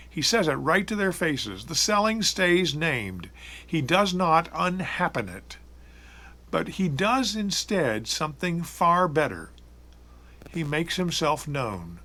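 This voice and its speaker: A middle-aged man preaching a sermon, telling the story in a measured, reflective way with emphatic repetition. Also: a little high, sing-song, sharp tone.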